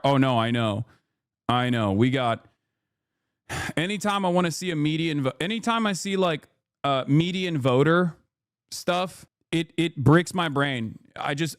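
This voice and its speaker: A fairly high-pitched man reacts to clips on his stream, profane and exasperated, pressing his points hard. His voice sits close and dry, with no room sound around it. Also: no echo. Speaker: streamer host. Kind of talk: casual reaction commentary.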